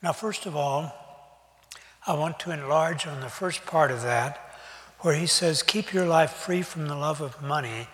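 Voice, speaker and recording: An older man giving a sermon, talking in a conversational, folksy way with pauses and fillers. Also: a little high, a bit bright. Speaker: preacher. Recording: long reverb of a hall.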